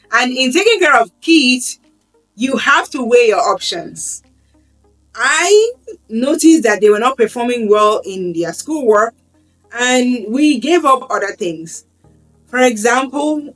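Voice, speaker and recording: A woman vlogging about parenting in an earnest, conversational way, often restarting her phrases. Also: a little high. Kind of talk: casual talk to camera. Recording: slightly distant mic with faint background music.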